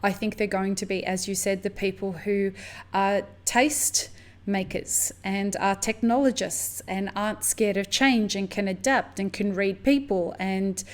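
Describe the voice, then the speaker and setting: American woman, podcast host, mid-pitched voice, lively and conversational. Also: a little slow. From United States. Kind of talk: casual conversation.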